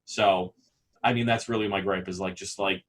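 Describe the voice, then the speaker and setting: A man co-hosting a casual podcast, talking animatedly, often laughing and breaking into quick character impressions. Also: deep voice, fairly even intonation, a bit bright, a little hiss or hum. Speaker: podcast co-host. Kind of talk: casual chat.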